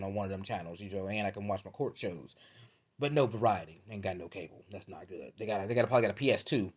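A man delivering a profane comedic rant as a podcast host, repeating "you feel me" constantly. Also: fairly low pitch. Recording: dull lo-fi audio.

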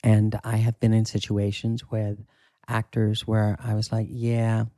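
A man talking as an acting coach in a casual interview, candid and emphatic, with a husky voice and the odd swear. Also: lowish voice, monotone, a little slow, warm tone, no echo.

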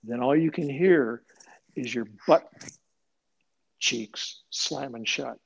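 A man's voice: medium pitch, slow pace, gravelly, breathy edge, low-quality recording. An older man, a retired police sergeant, telling stories bluntly and with profanity in an interview. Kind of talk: animated storytelling interview.

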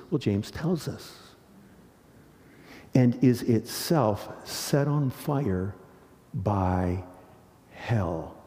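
A middle-aged man pastor preaching a sermon, earnest and animated, often asking the congregation rhetorical questions. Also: medium pitch. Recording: long hall reverb.

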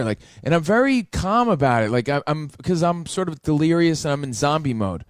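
A man's voice: a little high, sing-song, moderate pace, hardly any pauses, clean tone, dry recording, clean studio sound. A man in his forties, co-hosting a podcast, telling a rambling, profane story in casual chat. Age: 40s. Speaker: podcast co-host.

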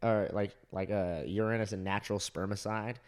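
A man's voice: on the low side, steady tone, moderate pace, a little mellow, smooth. A young man from Southern California co-hosting a podcast, telling crude stories in a loose, casual way and laughing often. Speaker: podcast co-host. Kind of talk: casual chat.

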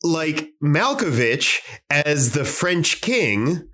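A man's voice: a little high, sing-song, very slow, sharp tone. A man on a movie podcast who repeats words and stammers as he builds his argument in casual chat.

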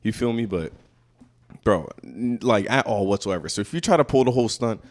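A young man from Brooklyn talks in a casual podcast chat. His voice sits a little low for a man. He tells stories in a loose, profane, rambling way. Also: lively intonation, a little fast. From Brooklyn, New York.

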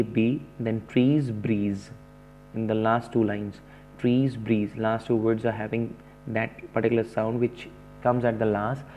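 Male teacher explaining a poem, halting and unhurried, dull lo-fi audio with faint music. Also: mid-range voice. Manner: halting, many fillers, slow and explanatory. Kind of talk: poetry lesson explanation.

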